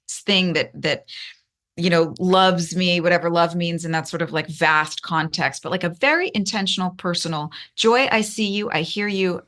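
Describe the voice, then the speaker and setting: A woman guest telling her story candidly in an interview, earnest, with many restarts and fillers, her voice climbing high when emotional. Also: fairly bright tone. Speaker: podcast guest.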